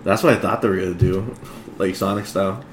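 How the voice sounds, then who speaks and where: A man's voice: sits low, steady tone, quick pace, roomy sound, a little hiss or hum. A man co-hosting a podcast, chatting casually and laid-back, swearing and laughing often. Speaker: podcast co-host. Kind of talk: casual chat.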